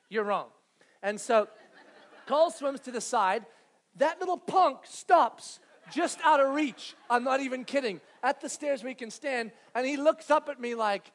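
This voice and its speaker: A man in his thirties, a pastor telling a family story in a sermon, acting out scenes with loud animated bursts. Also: very high-pitched, normal speed.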